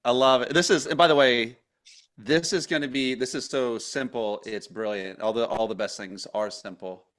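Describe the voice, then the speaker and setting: A man's voice: medium pitch, a bit bright. Enthusiastic man hosting an interview. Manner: enthusiastic, quick to agree. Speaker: host. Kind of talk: casual interview chat.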